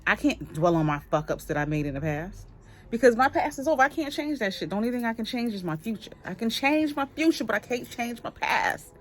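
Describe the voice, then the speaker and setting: A woman's voice: on the high side, fairly quick. A woman in her forties with a Boston accent, talking openly to camera in a casual vlog and swearing freely. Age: 40s. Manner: blunt, swears freely, lively. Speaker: vlogger.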